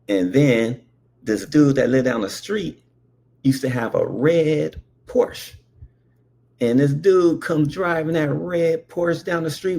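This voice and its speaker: A man's voice: mid-range voice, expressive, takes it slowly, creaky, a little mellow. A man telling a comic childhood story, with frequent asides like okay and all right. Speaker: comedian.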